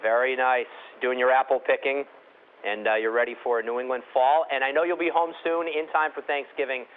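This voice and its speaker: A man's voice: medium pitch, fairly even intonation, fairly quick. Upbeat man on a tinny line. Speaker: TV station interviewer. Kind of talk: friendly interview questions.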